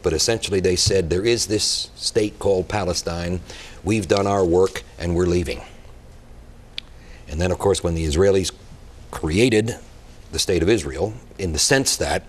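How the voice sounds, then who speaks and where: A man with a very deep voice argues his point on a talk show. He is blunt and emphatic and clearly impassioned. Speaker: guest expert.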